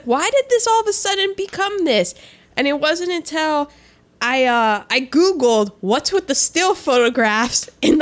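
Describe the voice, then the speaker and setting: A woman's voice: on the high side, fairly bright tone. A woman co-hosting a podcast, talking in a chatty, rambling, self-mocking way. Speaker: podcast co-host. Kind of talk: casual chat.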